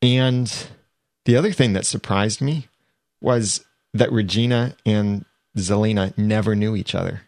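Low gravelly male podcast host. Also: a little slow, darkish tone, no room sound. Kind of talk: casual podcast chat.

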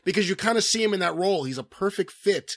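A man's voice: high voice, expressive, fast, fairly bright tone, dry recording. A man co-hosting a podcast in casual chat, explaining history fluently and step by step. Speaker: podcast co-host.

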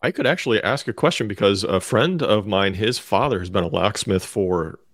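A man co-hosting a radio show, talking in a dry, measured, deadpan way. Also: lowish voice, no echo. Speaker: co-host. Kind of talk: casual radio show chat.

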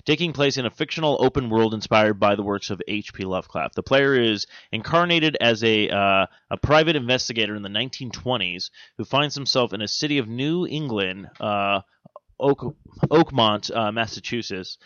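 A man's voice: lowish voice, expressive, fairly bright tone, no echo, highs cut off. Crude joking male podcast host. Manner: joking, crude, fills pauses with "uh" and "um". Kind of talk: casual chat.

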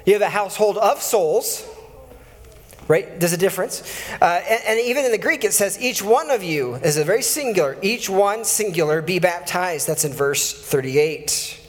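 A man's voice: high voice, expressive, normal speed, big-room sound. A male pastor giving a conversational sermon and reading scripture aloud, often correcting himself and adding chuckling asides.

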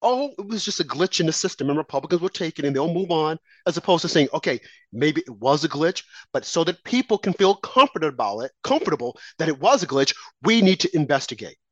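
A woman's voice: low-pitched, expressive, quick pace, hardly any pauses, no echo. A woman delivering a heated political opinion monologue as a commentator, sarcastic and mocking opponents in a sing-song voice. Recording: dull lo-fi sound.

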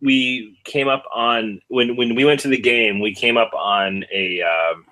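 A man in his thirties chatting casually on a podcast, relaxed, saying "dude" and restarting his sentences. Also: mid-range voice, a little slow, poor audio.

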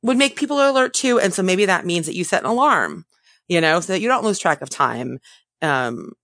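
A woman therapist answering interview questions in a thoughtful way, often pausing and correcting herself. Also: lowish voice, expressive, fairly bright tone, no room sound. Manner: thoughtful, self-correcting, many fillers.

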